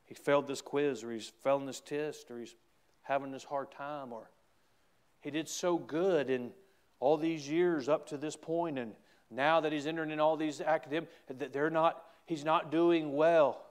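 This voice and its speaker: A middle-aged pastor with a Southern US accent delivers a sermon, his voice sitting a little high for a man. He drops to hushed, quiet lines, then builds to loud, emphatic exclamations. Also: steady tone, moderate pace, clean tone. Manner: dynamic preaching, swings from hushed to loud exclamations.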